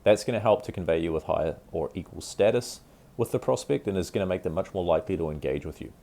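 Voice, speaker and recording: A man's voice: sits low, fast talker, creaky, warm tone. A man teaching sales technique in a casual, conversational way, often checking in with "right?". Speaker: sales trainer. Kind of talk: instructional talk.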